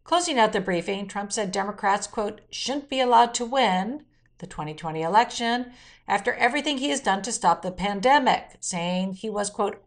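A woman hosting a weekly news roundup, reading out quotes and adding blunt opinion asides. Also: mid-range voice. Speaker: news commentary host.

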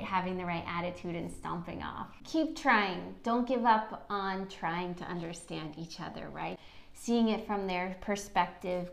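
A woman's voice: medium pitch, gravelly. A middle-aged woman co-hosting a podcast, encouraging and affirming as she talks about marriage. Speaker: podcast co-host. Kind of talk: casual chat. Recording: echoey room.

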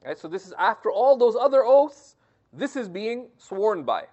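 Lively male teacher on a dull recording. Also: high-pitched, moderate pace. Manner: explanatory, often checks in with "right?". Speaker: religious teacher. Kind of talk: scripture commentary lesson.

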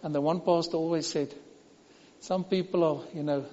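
A South African man preaches with a high, ringing voice, pressing his points over and over and sometimes sinking to a near whisper. The sound is muffled and dull, with a long echo from a large church hall. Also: fairly even intonation, normal speed. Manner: emphatic, repetitive preaching with sudden drops to a hush. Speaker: pastor. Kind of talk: sermon.

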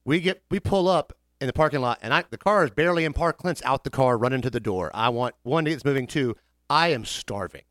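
A man's voice: mid-range voice, animated, a little fast, a bit bright, no room sound, studio quality. A man telling a long funny story in casual chat, acting out the voices of people in it.

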